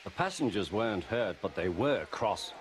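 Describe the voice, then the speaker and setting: A man reading a storybook aloud in a measured, expressive way. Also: on the low side, slight background noise. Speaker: narrator. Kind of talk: storybook narration.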